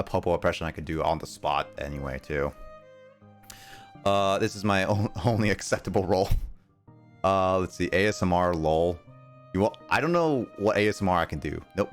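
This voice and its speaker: A man's voice: low-pitched, moderate pace, soft background music. A young man streaming a game, chatting casually with viewers in a rambling way and laughing often. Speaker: gaming livestreamer. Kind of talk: casual livestream chat with viewers.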